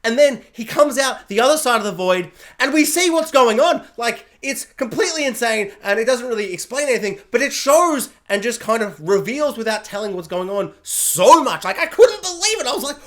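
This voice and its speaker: An excitable vlogger talking through a TV recap with a very lively, swooping pitch. The delivery rambles, circles back, and keeps breaking into quick acted-out lines. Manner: rambling, animated, lots of fillers and acted-out quotes. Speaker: TV show reviewer. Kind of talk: casual spoiler review vlog.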